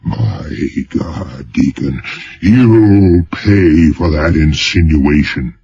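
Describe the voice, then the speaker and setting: A man reading an audiobook, voicing a pompous, outraged governor who speaks weightily with emphatic pauses. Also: extremely low pitch, warm tone, slightly rough, dull audio, exaggerated voice. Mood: blustering.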